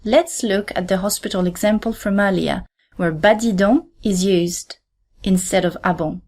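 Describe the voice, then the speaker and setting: Clear, deliberate woman teaching. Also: medium pitch, a little mellow. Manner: clear, deliberate, repeats example phrases slowly. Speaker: podcast host and French teacher. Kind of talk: scripted language lesson.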